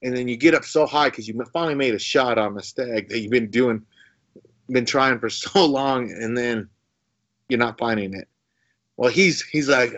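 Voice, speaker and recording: A man's voice: medium pitch, normal speed, a bit bright. A man as a podcast guest telling a long story casually, rambling, repeating words and chuckling often. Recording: dull lo-fi sound.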